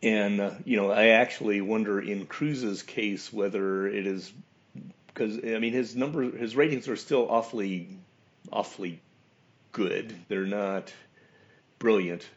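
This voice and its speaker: A man's voice: lowish voice, steady tone, a little slow. A man co-hosting a casual podcast chat, wondering aloud about the numbers. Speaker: podcast co-host. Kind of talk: casual chat about a baseball sim league. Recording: dull lo-fi audio.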